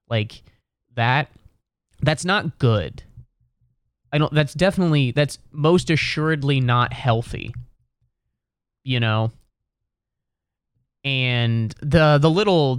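A man's voice: medium pitch, clean tone, dry recording, studio quality. A young man sitting at home in a chair, musing aloud in a meandering, wry comedic monologue full of restarts and self-corrections. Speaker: solo vlogger.

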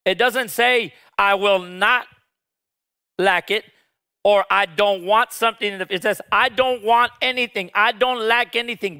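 A man's voice: high-pitched, steady tone, unhurried, pushed and bright, clean tone. A man preaching a sermon as pastor, leading the congregation in call-and-response with passionate, emphatic peaks.

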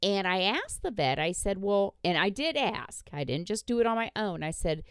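A woman's voice: mid-range voice, big pitch swings, normal speed, smooth, no echo, studio quality. A woman hosting a podcast, telling a story in a blunt casual chat, swearing freely and laughing along. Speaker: podcast host.

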